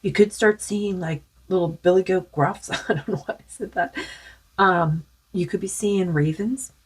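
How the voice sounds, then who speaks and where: A woman's voice: fairly low pitch, unhurried, husky. A woman doing a spiritual tarot card reading in a rambling, musing way with many fillers, saying she is losing her voice.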